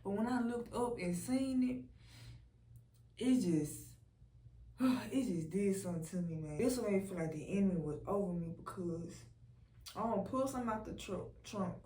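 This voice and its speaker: Candid woman telling her story, roomy echo. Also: normal speed. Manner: candid, blunt, swears freely; often drops to a soft, low voice. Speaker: person giving a personal testimony. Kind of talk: emotional personal storytelling. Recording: roomy echo from a distant mic.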